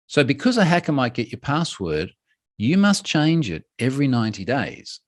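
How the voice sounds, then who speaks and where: A man giving a conference talk, lively and humorous, with quick asides. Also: mid-range voice. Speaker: speaker giving a talk on password security.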